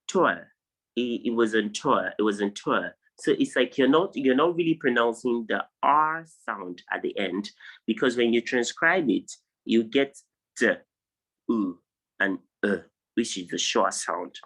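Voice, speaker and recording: Nigerian guy teaching vowel sounds on a video call, lowish voice, patient, says each word over and over. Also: fairly bright tone, rough recording. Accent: Nigerian English. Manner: patient, drills each word with repeated examples. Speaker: English tutor. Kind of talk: online pronunciation lesson.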